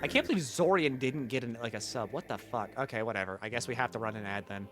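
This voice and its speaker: A man's voice: medium pitch, fast, over music. A young man streaming, chatting casually and rambling in jokes with many filler words.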